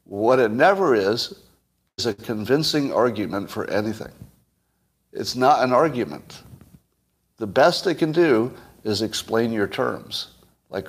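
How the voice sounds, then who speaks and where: A man's voice: medium pitch, big pitch swings, a little slow, husky. A man hosting a solo commentary monologue, blunt, sarcastic and emphatic. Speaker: host.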